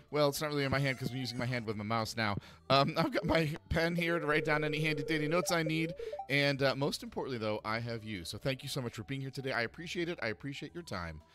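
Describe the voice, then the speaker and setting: A man's voice: mid-range voice, fairly bright tone. A man hosting a video game playthrough, chatting casually, cracking jokes and reading game dialogue aloud in playful voices. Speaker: gaming channel host. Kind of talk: let's play commentary.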